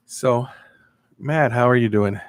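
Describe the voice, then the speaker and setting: A man's voice: medium pitch, no echo. A middle-aged man hosting a casual live stream, rambling and chatting with viewers as he reads their comments.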